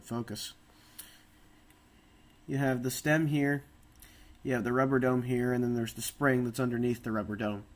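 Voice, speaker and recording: A man's voice: medium pitch, little pitch movement, moderate pace, pauses often. A man with a nasal voice, getting over the flu, chatting casually through a keyboard review with frequent restarts and fillers.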